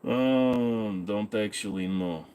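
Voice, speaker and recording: A man's voice: on the low side, mellow, slight background noise. A man hosting a casual livestream, reading viewer comments and answering them in a rambling, offhand way. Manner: rambling, offhand, quick asides. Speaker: streamer host.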